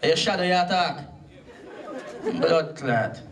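A man's voice: on the high side, takes it slowly, vocal fry. A man with a Jamaican accent performing a stand-up comedy set, punchy and bantering with the audience. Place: comedy club stage. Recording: amateur live recording from far off, crowd noise.

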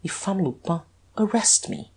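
A woman's voice: lively intonation, measured pace, darkish tone, breathy edge. A woman voicing a coldly menacing duke. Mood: jeering. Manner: jeering, menacing, deep and compelling. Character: cold, commanding male gentleman thief posing as duke.

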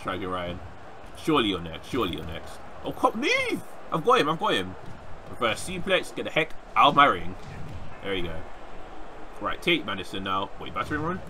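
A young man giving casual, excitable gameplay commentary, often shouting at opponents. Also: on the low side, a little hiss or hum. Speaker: gaming YouTuber.

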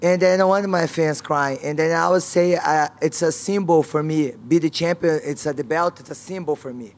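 A woman's voice: low-pitched, normal speed, a little mellow. A woman fighter at a press conference, speaking frank, non-native English with broken grammar and repeated key words.

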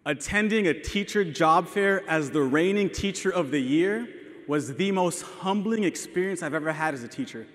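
Animated and on the high side, this young El Paso teacher speaks at a moderate pace as he shares personal stories in a heartfelt keynote, joking at his own expense. The audience-filled hall gives the audio a long reverb tail.

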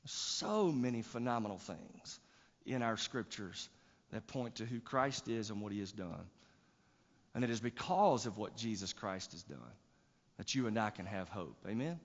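A man's voice: on the low side, animated, a little slow, pauses often. A male pastor preaching a sermon, emphatic, with rising bursts and repeated words. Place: church sanctuary. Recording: church hall reverb, dull lo-fi sound.

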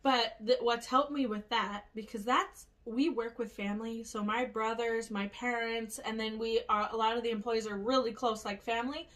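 A woman's voice: on the high side, moderate pace, hardly any pauses. A woman hosting a podcast, telling candid stories in casual chat. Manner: candid, animated storytelling. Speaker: podcast host.

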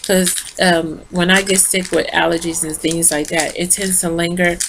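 A woman's voice: on the low side, little pitch movement, normal speed, background noise. A tired woman rambling through a casual lipstick review into her phone, talking straight to her viewers. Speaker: beauty vlogger.

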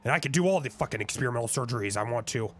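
A man improvising a scheming character in a game role-play, swearing freely and often breaking into frantic yelling. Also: mid-range voice, lively intonation, very fast, slight background noise. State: hoarse from screaming.

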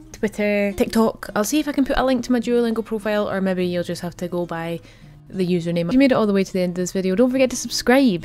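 A woman's voice: mid-range voice, a little mellow. A young Scottish woman with a Scottish accent, chatting to camera in a playful, self-mocking vlog. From Scotland. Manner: chatty, playful, laughs at herself. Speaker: vlogger. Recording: faint background music.

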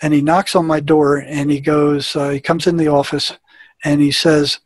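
A man's voice: a little high, level tone, normal speed, no room sound. A man, a former prison therapist, telling an anecdote in conversation and acting out the dialogue in a plain-spoken way.

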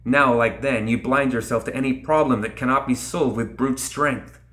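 A man's voice: medium pitch, moderate pace, a bit bright, close to an everyday voice. Man voicing a defiant warrior queen. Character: defiant nephilim queen, woman, stern and proud. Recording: roomy echo.

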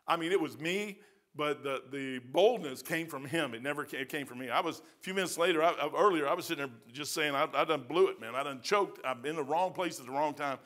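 A man's voice: a little high, fairly quick, a bit bright. A male pastor with a Midwestern American accent, preaching a verse-by-verse sermon in a folksy, emphatic way with colloquial phrasing. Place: church sanctuary.

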